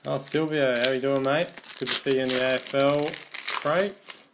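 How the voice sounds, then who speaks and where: A man's voice: medium pitch, fairly even intonation, normal speed, noisy background. An Australian man hosting a live trading card box break, calling out teams and players in an easygoing running commentary.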